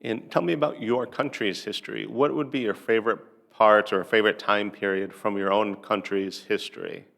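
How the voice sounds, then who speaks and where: A man with a lowish, gravelly voice leads a speaking-practice lesson. He asks one question at a time, measured and patient, leaving room for an answer. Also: steady tone, fairly bright tone. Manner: measured, pausing between questions. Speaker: English teacher. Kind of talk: asking practice conversation questions.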